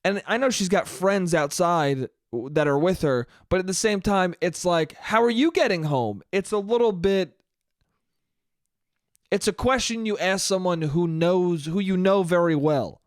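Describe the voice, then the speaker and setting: A young man talks alone into a podcast mic, swearing freely and rambling. He often breaks off mid-sentence and restarts. His voice sits fairly high, and the sound is dry and close. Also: a little slow, no echo. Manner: profane, rambling, self-interrupting. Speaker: podcast host. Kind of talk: solo comedic podcast monologue.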